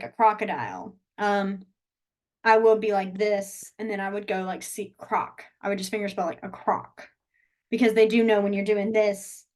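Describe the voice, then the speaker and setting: A woman teaching a beginner sign language class over a video call from a small room, explaining step by step in a chatty way and laughing often. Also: medium pitch.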